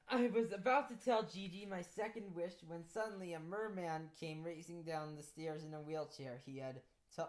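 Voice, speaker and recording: Low-voiced woman reading her own story. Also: a little mellow, poor audio. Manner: halting, frequent restarts. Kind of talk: storybook read-aloud.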